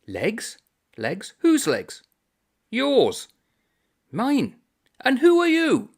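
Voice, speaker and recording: A man voicing an indignant young soldier from a novel, loud and aggrieved as he complains. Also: huge pitch swings, extremely slow, vocal fry, exaggerated voice. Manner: loud, aggrieved, raised pitch.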